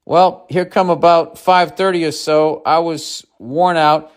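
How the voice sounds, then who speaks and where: A man's voice: fairly high pitch, fairly even intonation, a little slow, pitched above the performer's own voice, natural voice. A man voicing a folksy older Southern carpenter boss, with a Southern accent and a drawling storytelling manner.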